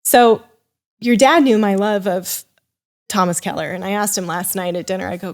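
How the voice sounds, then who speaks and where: A young woman tells a personal story as a podcast guest, talking in a loose, animated way. She circles back and restarts her sentences often, and she slips into quick voices for the people she quotes. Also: medium pitch. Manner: animated, rambling with many restarts and fillers. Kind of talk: casual storytelling.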